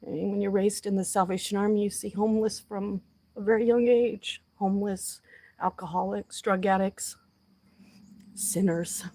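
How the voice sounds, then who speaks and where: This livestreaming woman, outside and talking casually to viewers, has a mid-range voice with a steady tone and normal pace. She comes across as emotional and heartfelt and speaks gently to animals.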